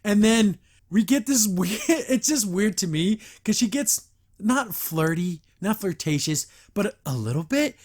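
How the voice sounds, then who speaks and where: A man hosting a podcast, reviewing a cartoon episode in an animated, chatty way, often laughing and restarting. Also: sits high, a little slow. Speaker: podcast host.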